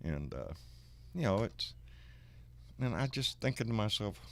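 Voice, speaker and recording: A man hosting a live talk show, telling a story in an animated way and cursing freely. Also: lowish voice, a little slow, creaky. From Texas. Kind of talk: casual chat with a caller.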